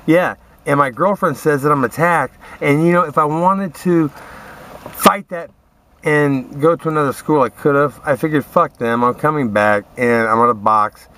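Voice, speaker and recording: A man's voice: on the high side, normal speed, a bit bright. A man in a profane, rambling, aggrieved rant, talking straight at his listeners. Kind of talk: ranting monologue to camera.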